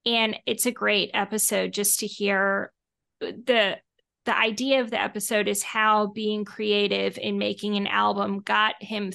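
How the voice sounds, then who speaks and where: A woman's voice: medium pitch, vocal fry, fairly bright tone. A woman co-hosting a casual podcast, earnestly promoting a new show. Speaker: podcast co-host.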